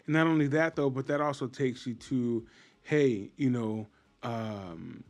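A man's voice: medium pitch, measured pace. A young adult man co-hosting a podcast, laid-back and slangy, swearing casually as he chats. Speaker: podcast co-host. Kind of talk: casual chat.

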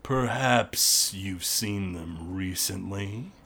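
A man voicing a gruff, menacing male orc boss who speaks low and slow through a door. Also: pushed and bright, exaggerated voice.

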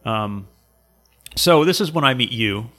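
A man's voice: medium pitch, lively intonation, measured pace, fairly bright tone, soft background music. Rambling, profane man telling stories. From Canada. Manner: rambling, profane, repeats words while searching. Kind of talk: casual storytelling chat.

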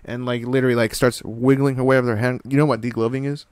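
A young man in casual chat, telling an animated story full of slang and swearing. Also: medium pitch, fast talker, smooth, dry recording.

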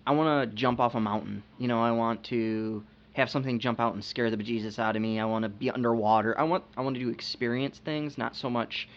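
A man's voice: medium pitch, steady tone, a little fast, hardly any pauses. A man co-hosting a casual podcast chat. He talks hesitantly, repeating his words and using lots of fillers. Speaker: podcast co-host. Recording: dull lo-fi podcast audio.

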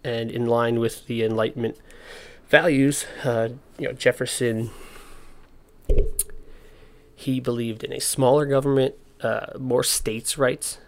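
Young man, gravelly voice, mid pitch, slangy casual history lesson. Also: steady tone, unhurried. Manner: slangy, joking asides. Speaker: history presenter.

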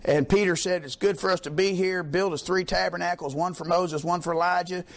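A man's voice: sits high, fairly even intonation, brisk. A middle-aged man preaching a sermon in an emphatic, rhetorical call-and-response manner.

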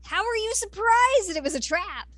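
A woman's voice: very high voice, animated, normal speed, a bit bright, no room sound. A woman co-hosting a casual podcast, chatty with wry quips. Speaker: podcast co-host. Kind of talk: casual chat.

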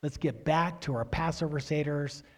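A man preaching a sermon in a somewhat high voice. He poses questions to his listeners and answers them himself. His stresses grow loud and insistent as he drives each point home. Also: normal speed. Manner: grows loud and emphatic, rising pitch when stressing points.

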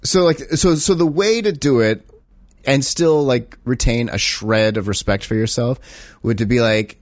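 A man's voice: medium pitch, normal speed, no room sound, studio quality. A man co-hosting a casual podcast chat, blunt and profane, reading aloud and acting out quotes. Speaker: podcast co-host.

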